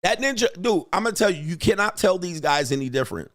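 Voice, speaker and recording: A man hosting a casual commentary monologue, telling stories in heavy slang, laughing often and acting out pickup lines in a higher voice. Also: animated, fast talker, fairly bright tone, dry recording, clean studio sound. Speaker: show host.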